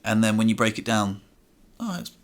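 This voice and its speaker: A man's voice: on the low side, expressive, brisk. A young man hosting a podcast in casual chat, telling reflective stories and acting out his own inner dialogue. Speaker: podcast host.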